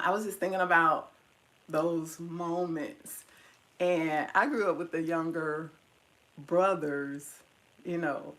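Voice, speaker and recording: A woman's voice: sits low, a bit bright, low-quality recording. A middle-aged woman tenderly reminiscing about her mother to her viewers, at times teary-eyed. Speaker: vlogger. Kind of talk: personal storytelling to viewers.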